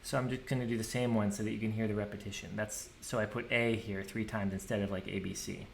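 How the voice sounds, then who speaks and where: A man walking through a program he wrote, thinking aloud in a relaxed, casual way and scatting drum rhythms. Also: lowish voice, fast, vocal fry, heavy background noise. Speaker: programmer demonstrating his software. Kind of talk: casual screen-share tutorial.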